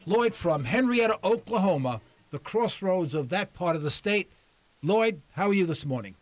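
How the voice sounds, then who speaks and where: Impassioned high-voiced radio talk host. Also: male voice, animated, normal speed, soft background music. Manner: impassioned, preachy, agitated. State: agitated, shouting. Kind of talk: political call-in radio talk.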